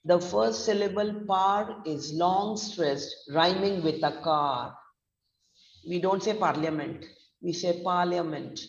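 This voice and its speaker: Pronunciation trainer, woman, Indian English accent, slow and careful, gravelly edge, distant dull lo-fi audio. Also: lowish voice. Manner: slow, deliberate, spells out letters and mixes in Hindi. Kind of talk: recorded online lesson. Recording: echoey, distant, dull lo-fi sound.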